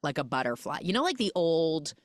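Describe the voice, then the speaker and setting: A woman with a low-pitched voice talks a little fast, recorded at studio quality with no echo. As a podcast host, she retells a film's plot in a chatty, animated, casual way, saying "like" constantly.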